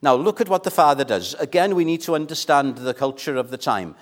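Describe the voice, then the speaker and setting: A man preaching a sermon in a church, earnest and measured, pressing his points with questions to the congregation. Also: fairly high pitch, expressive.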